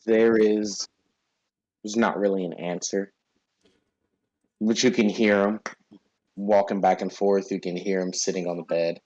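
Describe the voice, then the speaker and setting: A man narrating a tabletop role-playing game as game master, describing scenes in a halting way. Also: fairly low pitch, little pitch movement, a little mellow, lo-fi sound.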